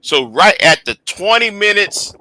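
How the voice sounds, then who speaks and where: A man hosting a casual livestream, rambling with repeated words, profanity and quiet trailing asides. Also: high-pitched, big pitch swings, unhurried, no room sound. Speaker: livestream host.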